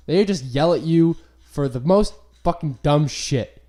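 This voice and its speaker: A young man hosts a laid-back podcast, his voice low in brightness and warm. He rambles loosely, swears freely and leans on "like" between thoughts. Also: expressive, takes it slowly. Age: young adult. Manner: rambling, profane, full of "like" fillers. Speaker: podcast host. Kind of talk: casual chat.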